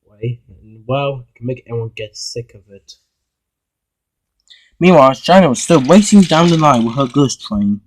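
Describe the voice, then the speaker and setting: A man narrating a homemade toy-train story, halting with frequent restarts. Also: medium pitch, lively intonation, rough recording.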